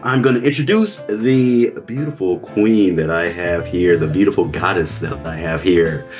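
A man's voice: sits low, moderate pace, few pauses, darkish tone, faint music behind. A man hosting a podcast in casual chat, laid-back, chuckling and poking fun at himself. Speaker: podcast host.

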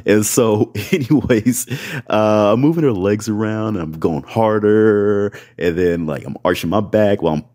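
A man's voice: fairly low pitch, moderate pace, warm tone. A man hosting a podcast, telling a story in casual, rambling talk full of fillers, often checking in with "right?" and "y'all". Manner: rambling, filler-heavy, keeps asking "right?"; addresses listeners as "y'all". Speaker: podcast host.

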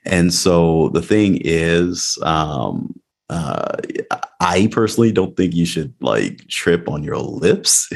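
A man's voice: low-pitched, big pitch swings, takes it slowly, creaky. A man hosting a casual chat, joking and crude in a laid-back way.

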